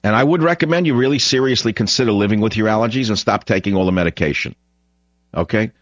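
A man's voice: fairly low pitch, fast talker, no room sound, dull audio. A man hosting a radio talk show, delivering a blunt, opinionated, rambling monologue.

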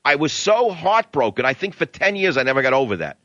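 A man's voice: a little high, sing-song, fairly quick, a bit bright, no echo, lo-fi sound. An older man with a New York accent, giving a blunt, rambling talk radio monologue. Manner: blunt, ranting, digressive.

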